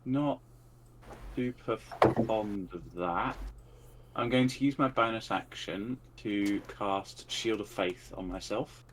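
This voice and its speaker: Low-voiced man muttering game moves. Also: slow pace, noisy background. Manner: muttering, thinks aloud while rolling dice. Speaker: player. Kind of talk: playing a tabletop game.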